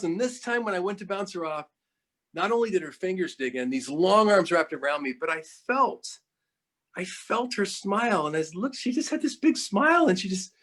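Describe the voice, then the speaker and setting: Animated storytelling man, high voice. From United States. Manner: animated, lots of restarts and acted-out quotes. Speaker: guest speaker. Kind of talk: storytelling talk. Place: online talk.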